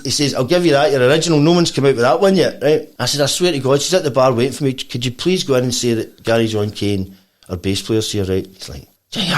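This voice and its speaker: A Scottish man, a bassist guesting on a podcast, tells a long, animated story full of quoted voices and laughter. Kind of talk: casual storytelling.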